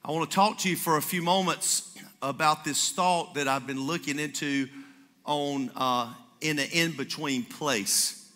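Standing before his congregation with a stage mic, a pastor preaches at a moderate pace in a slightly high voice. He animates his sermon's stories by acting out each speaker with energy, and the church hall is reverberant.

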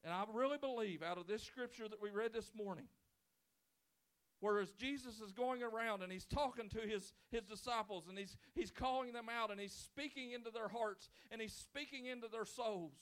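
A male pastor preaching a sermon in church, swinging from loud pleading to quiet, intimate talk. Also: sits high, normal speed, clean tone. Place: church sanctuary.

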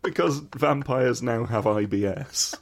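A man's voice: medium pitch, measured pace, creaky, a little hiss or hum. A man co-hosting a comedy podcast, playfully interjecting with jokes. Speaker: podcast co-host. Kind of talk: casual comedy chat.

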